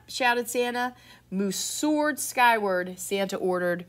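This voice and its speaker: A middle-aged woman, a teacher reading a picture book aloud to children, expressive and full of surprise. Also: mid-range voice, unhurried. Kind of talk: children's read-aloud storytime.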